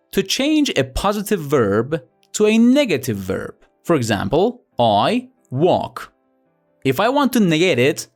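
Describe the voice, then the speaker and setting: Young male tutor, chatty and playful, slightly high voice with lively swings, over light music. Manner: playful, chatty, asks rhetorical questions. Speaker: language teacher. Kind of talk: scripted lesson narration.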